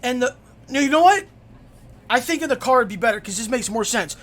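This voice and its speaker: A young man live-streaming, telling a story in a rambling, profane, excitable way at his desk mic. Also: very high voice, fairly quick.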